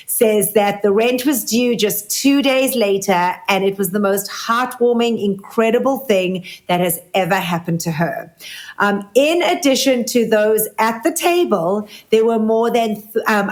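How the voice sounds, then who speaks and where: A woman with a South African accent co-hosting a podcast, chatting through the news with frequent ums and restarts. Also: fairly high pitch. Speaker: podcast co-host. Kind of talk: casual news chat.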